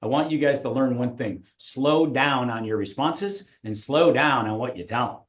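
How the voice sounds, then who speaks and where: A man's voice: mid-range voice, normal speed, roomy sound, dull audio. A man coaching real estate recruiters in a live webinar, with an emphatic, punchy delivery.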